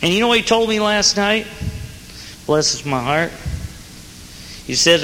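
A man's voice: sits high, lively intonation, unhurried, sharp tone. A man preaching an earnest, plain-spoken sermon with rising emphasis, as a jail minister. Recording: hall reverb with faint noise.

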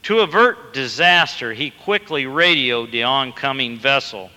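A male preacher speaks slowly in a bright, forceful voice and tells a story, rising to emphatic bursts. His slightly high voice carries a long hall reverb. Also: expressive. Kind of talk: sermon.

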